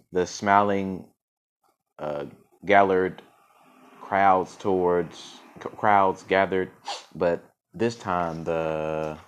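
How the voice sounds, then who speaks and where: Man reading a storybook aloud, low voice, slow pace, stumbling and restarting often. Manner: stumbling reading with frequent restarts and self-corrections. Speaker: podcast storyteller.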